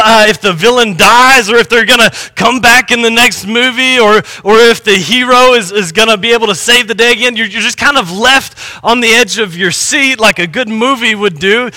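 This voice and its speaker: High, sharp-voiced pastor preaching. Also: male voice, no room sound. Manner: conversational preaching with repeated restarts. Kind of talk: sermon.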